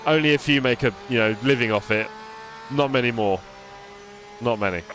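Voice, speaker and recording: A man's voice: mid-range voice, normal speed, a bit bright, a little hiss or hum. A young man live-streaming a racing game, chatting casually and answering his viewers by name with self-deprecating humor.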